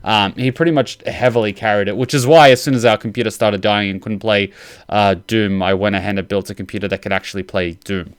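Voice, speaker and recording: A man hosting a casual reaction video, gushing excitedly and swearing like a big fan. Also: lowish voice, fairly quick, smooth, no echo, clean studio sound.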